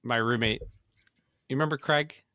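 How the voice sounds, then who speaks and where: A middle-aged man co-hosting a podcast in casual chat, relaxed and rambling with many fillers. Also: medium pitch, normal speed, no room sound, studio quality. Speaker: podcast co-host.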